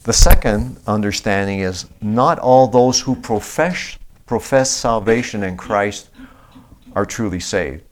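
A man, an elder of a small church, preaching a sermon, reading scripture slowly and with emphasis, then explaining it in plain talk with fillers and restarts. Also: on the low side. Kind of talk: expository sermon.

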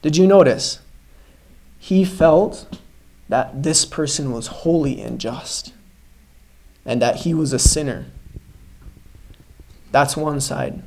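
A man's voice: mid-range voice, a little hiss or hum, poor audio. Earnest male preacher telling a conversion story. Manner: earnest, emphatic storytelling, swings between loud stresses and hushed lines; addresses listeners as brothers and sisters. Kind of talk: sermon.

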